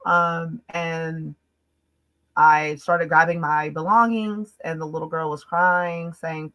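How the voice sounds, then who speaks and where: A woman from the United States telling a personal story as a podcast guest in casual chat, emphatic and fast-flowing with lots of "like" fillers. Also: low-pitched, steady tone, sharp tone, rough recording.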